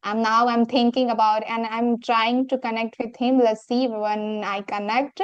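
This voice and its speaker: A woman's voice: on the high side, level tone, a little slow, smooth, no room sound. A woman in a casual English practice chat, earnest and talking in long searching sentences. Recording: dull, muffled sound.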